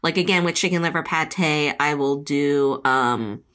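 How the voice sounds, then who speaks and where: A woman chef chats on a cooking podcast in a relaxed, filler-heavy way. Her voice is on the low side yet bright and sharp. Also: measured pace. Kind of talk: casual chat.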